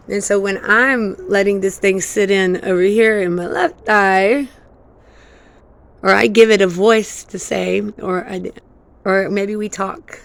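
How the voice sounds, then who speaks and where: A woman vlogging in a rambling, excitable stream-of-consciousness monologue. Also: mid-range voice. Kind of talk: casual monologue.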